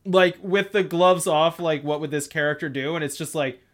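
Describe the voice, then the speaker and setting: A podcast host in loose, casual chat. The talk rambles and leans on "like" constantly, breaking often into laughter. The pitch sits in the middle range. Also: normal speed, hardly any pauses. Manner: rambling, heavy use of "like", frequent laughter.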